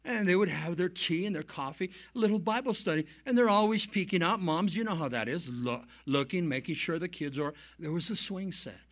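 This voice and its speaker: A male pastor preaching a sermon and telling stories, swinging from soft asides to loud emphasis. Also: high voice, brisk, hardly any pauses. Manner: animated storyteller, swings between soft and loud. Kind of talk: sermon with storytelling.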